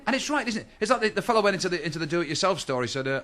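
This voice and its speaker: This stand-up comedian, a middle-aged Liverpudlian with a Liverpool accent, speaks in a high-pitched, fairly bright voice with big pitch swings. He talks rapid-fire, teasing and chatting as he spins jokes for a live audience on stage.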